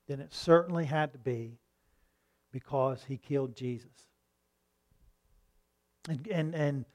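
Speaking at medium pitch, a man gives a sermon in a conversational tone, asking rhetorical questions and slowly reading from scripture.

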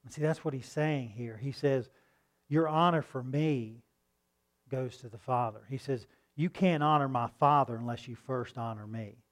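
This sermon, from a man with a medium-pitched voice, is conversational, with rhetorical questions and unhurried scripture readings.

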